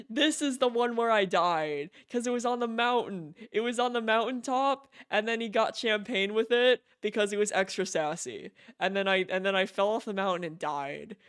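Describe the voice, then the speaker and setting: Male streamer, casual and excitable, laughs a lot, high clear voice. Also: moderate pace, hardly any pauses. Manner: excitable, laughs often, breaks off mid-sentence. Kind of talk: casual chat.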